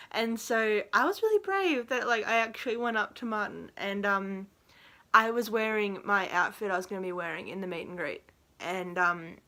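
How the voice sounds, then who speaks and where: A woman's voice: medium pitch, a bit bright. A young woman telling a rambling, giggly storytime in a vlog, with lots of fillers. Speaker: vlogger.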